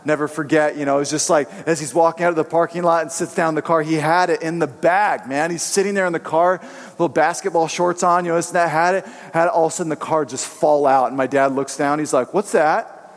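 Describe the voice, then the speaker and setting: A man's voice: on the high side, fairly even intonation, quick pace. A man preaching a sermon in an earnest, conversational way, telling personal stories to make his point. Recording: long reverberant hall.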